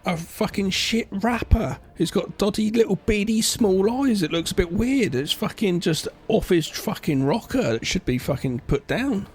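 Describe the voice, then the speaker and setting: A man's voice: sits high, lively intonation, moderate pace, few pauses, pitched above the performer's own voice. A man putting on the voice of a boastful male rapper who dodges a bill, mocking and crude.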